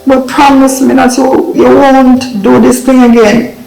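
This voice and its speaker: A woman's voice: high voice, little pitch movement, unhurried, vocal fry, echoey room, music in the background, low-quality recording. An actress playing a stern but loving mother who scolds and then forgives her only daughter. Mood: tender. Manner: scolding, pleading, then soft and tender. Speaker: actor in a drama. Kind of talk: film drama acting.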